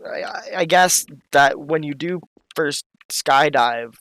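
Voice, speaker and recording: A man's voice: on the high side, slow, no room sound, poor audio. Blunt, swearing guy. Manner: swears a lot, animated and blunt. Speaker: podcast co-host. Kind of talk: casual chat.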